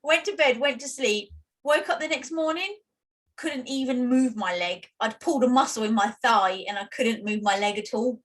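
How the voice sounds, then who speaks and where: A woman from the UK co-hosting a podcast, chatting casually and telling stories with lively quoting. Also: on the high side, normal speed. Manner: chatty storyteller, animated quoting. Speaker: podcast co-host. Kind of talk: casual chat.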